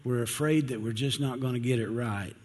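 A male pastor preaching a sermon in a relaxed, conversational way, often restarting his phrases. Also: mid-range voice, brisk, in a large hall.

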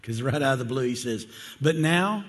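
In a church sanctuary with long church-hall reverb, a male pastor delivers a sermon in a conversational, earnest way, often putting questions to the congregation. His mid-range voice is flat in delivery, and he talks fast.

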